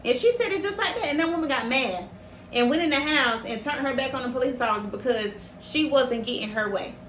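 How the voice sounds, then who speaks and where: Woman podcast host going off, high voice, repeats herself for emphasis, echoey room. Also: lively intonation, fairly quick, fairly bright tone, slight background noise. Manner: emphatic, repeats phrases for stress, gets heated. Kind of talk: casual podcast commentary.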